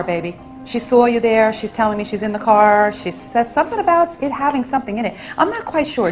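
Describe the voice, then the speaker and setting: A woman working as a psychic medium, giving readings to an audience in a gentle, consoling way and calling people honey and sweetheart. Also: on the high side. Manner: soothing, endearments, relays messages.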